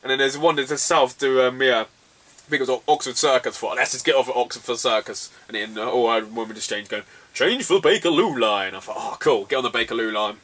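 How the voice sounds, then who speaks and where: A young man from the southwest of England, a retro gaming vlogger, recounts a travel mishap in casual vlog style, laughing often and swearing freely. His medium-pitched voice is fast and a bit bright, and he sounds far from the mic.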